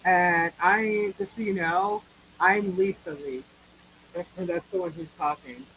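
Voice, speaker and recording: A woman's voice: fairly low pitch, slow, a bit bright, poor audio. Woman, New York accent, live co-host; blunt and opinionated, casual cursing, light background noise. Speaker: livestream co-host. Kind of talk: casual live chat reacting to viewers.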